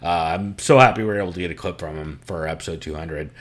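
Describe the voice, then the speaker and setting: A man's voice: low-pitched, fast talker. A man hosting a podcast, chatting casually from his room at home, rambling, laughing often and swearing freely. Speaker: podcast host.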